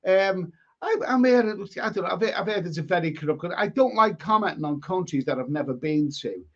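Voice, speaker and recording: Brisk and expressive, this high-pitched Englishman reads comments from his live chat and doesn't hold back his opinions, frequently starting over or saying words twice. It's a casual stream with dull, lo-fi sound.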